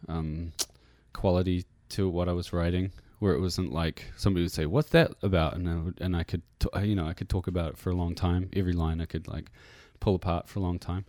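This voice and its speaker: A man's voice: deep voice, fairly even intonation, fast, hardly any pauses, mellow, dry recording. A man with a New Zealand accent, a musician guest rambling through an interview with many fillers and restarts. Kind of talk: casual interview chat. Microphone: radio studio mic.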